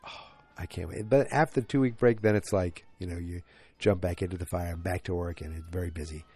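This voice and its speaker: A man with a congested, nasal voice hosts his podcast alone from the couch, speaking into a handheld recorder. His voice sits a little low with a soft, mellow tone. He chats loosely and thinks out loud, often wandering off on side remarks. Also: brisk, slightly rough, no echo, faint music behind. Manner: chatty, thinking aloud, easily sidetracked. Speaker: podcast host. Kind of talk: casual solo podcast chat. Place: living room couch at home.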